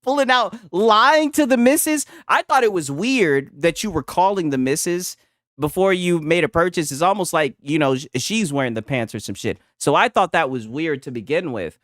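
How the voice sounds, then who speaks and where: A man's voice: on the high side, expressive, normal speed, a bit bright, no room sound. Mocking, profane man with a dry sound. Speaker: streamer reacting to a clip. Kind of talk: casual reaction commentary.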